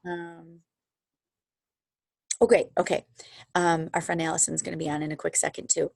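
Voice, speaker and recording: A woman's voice: sits low, flat delivery, normal speed, gravelly, darkish tone, no echo. A middle-aged woman leading her sales team on a video call, upbeat and encouraging, chatting with asides.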